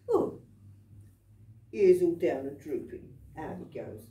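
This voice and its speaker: A woman's voice: sits low, big pitch swings, takes it slowly, long pauses, warm tone, slight background noise. A woman, a folk performer, telling a story live to a club audience in a chatty, playful way and coaxing them to join in. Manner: chatty, playful, laughs between lines, coaxes the audience. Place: folk club room in a pub. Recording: echoey room, mic at a distance.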